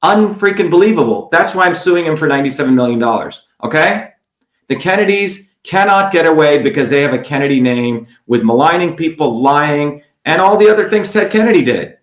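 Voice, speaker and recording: A man with a fairly high voice rails at critics in a combative campaign livestream. He talks bluntly and with scorn, answering viewer comments one by one. The sound is roomy and echoey. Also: lively intonation, fairly quick. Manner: blunt, scornful, repeats "okay?". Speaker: political candidate livestreaming.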